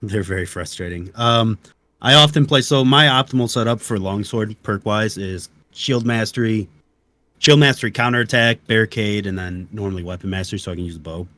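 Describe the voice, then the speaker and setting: A man's voice: fairly low pitch, brisk, no echo. A man being interviewed about a video game, giving detailed technical explanations in a casual chat. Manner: detailed, technical explanations, soft-spoken asides.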